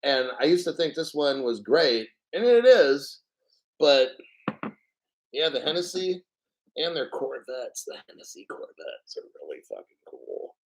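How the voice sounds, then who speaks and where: A man hosting a casual livestream, rambling and profane and clearing his throat often. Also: mid-range voice, sing-song, unhurried, rough recording. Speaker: crypto livestream host.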